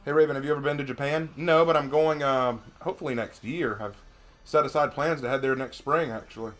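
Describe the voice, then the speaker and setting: A man streaming gameplay, reading chat aloud and thinking out loud as he plays, chatty and quick to laugh. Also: medium pitch. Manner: chatty, excitable, laughs often, talks to himself. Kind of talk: live gameplay commentary.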